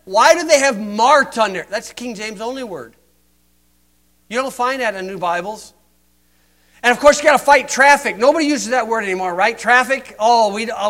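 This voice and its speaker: An older man from the United States delivers a sermon in a high voice. He mocks with heavy sarcasm and swings between loud emphasis and quiet, earnest asides. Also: animated, moderate pace. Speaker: preacher.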